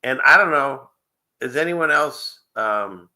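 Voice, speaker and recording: A man's voice: mid-range voice, animated, takes it slowly, pushed and bright. A man hosting a casual livestream show, rambling and chuckling often between loose asides. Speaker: show host.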